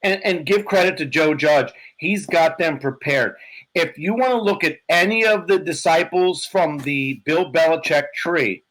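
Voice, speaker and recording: A man on a football podcast, gushing about his team with animated energy and plenty of swearing. His voice sits a little high and sounds slightly hoarse. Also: measured pace, poor audio. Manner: animated, profane, laughing. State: hoarse from yelling. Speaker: podcast co-host, Giants fan. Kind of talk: excited sports chat.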